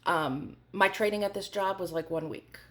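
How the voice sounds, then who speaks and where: A woman's voice: mid-range voice, moderate pace, a bit bright. A woman in her forties telling a candid storytime vlog in a chatty way, full of fillers. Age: 40s. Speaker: vlogger.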